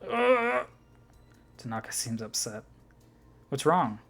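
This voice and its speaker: A man's voice: medium pitch, normal speed, husky, faint music behind. A man playing through a visual novel, reading its lines aloud with casual, swearing commentary. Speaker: let's player.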